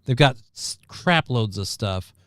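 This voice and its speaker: A man's voice: mid-range voice, expressive, measured pace, a bit bright, dry recording, clean studio sound. Rambling, foul-mouthed man hosting a chat. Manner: rambling, profane, joking. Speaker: host. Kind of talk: casual chat.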